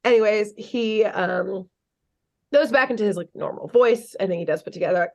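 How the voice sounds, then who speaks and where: A woman co-hosting a podcast, recapping a cartoon episode in casual chat, animated and full of "like", acting out the characters' lines. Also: mid-range voice, a little fast. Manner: animated storytelling, lots of "like", acts out characters' lines.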